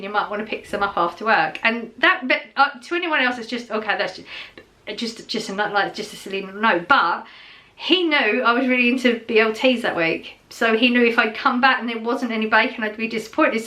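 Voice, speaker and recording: A woman's voice: a little high, pushed and bright. A middle-aged woman, chatting casually to camera in a rambling way, with many fillers and restarts. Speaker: vlogger.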